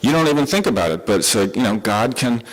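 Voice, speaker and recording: A man's voice: mid-range voice, expressive, quick pace, low-quality recording. A middle-aged man with a Southern American accent giving a live conference lecture, talking in a conversational way with frequent fillers and restarts. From southern United States. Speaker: conference speaker.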